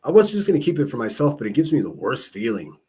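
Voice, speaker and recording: Pittsburgh-male livestreamer, mid-pitched, loose and profane, rambling chat with jokey asides. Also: wildly swooping pitch, quick pace, mellow, breathy edge.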